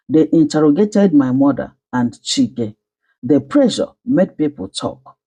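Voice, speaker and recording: Slow, husky woman storyteller. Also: deep voice, dark tone. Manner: slow, emotional, dramatic telling. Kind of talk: dramatic first-person story narration.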